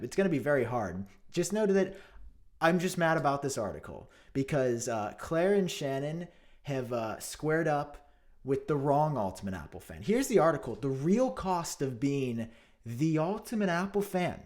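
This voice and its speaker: Lively, sarcastic man ranting to camera. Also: mid-range voice, normal speed. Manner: sarcastic, theatrical, swings between loud jabs and mutters. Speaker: tech vlogger. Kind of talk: mock-outraged commentary to camera.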